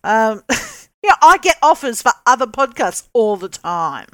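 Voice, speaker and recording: A woman's voice: on the high side, big pitch swings, measured pace, no room sound. A woman co-hosting a podcast, chatting casually with sarcastic, teasing banter. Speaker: podcast co-host.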